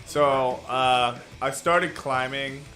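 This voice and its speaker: A man chatting as a podcast guest, hesitant and filling pauses with ums. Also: mid-range voice, steady tone, sharp tone, faint music behind. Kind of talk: casual podcast chat.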